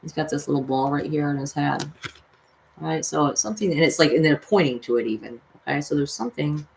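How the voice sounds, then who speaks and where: A woman's voice: low voice, quick pace, gravelly, slight background noise. A woman reading tarot cards for her viewers in a casual livestream. She talks to them directly and earnestly, and swears freely when she gets worked up. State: mother of six children. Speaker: tarot reader and vlogger.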